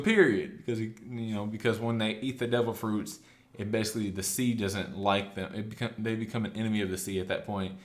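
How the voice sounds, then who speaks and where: A man casually recapping a story, chatty and loose, slipping into quick quoted lines. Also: lowish voice. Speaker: anime recap host.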